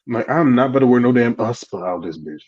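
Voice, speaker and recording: A man's voice: mid-range voice, expressive, quick pace, husky, lo-fi sound. A man co-hosting a podcast, telling a story in casual chat, profane, acting out the people he quotes. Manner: acts out quotes in voices, profane. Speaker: podcast co-host.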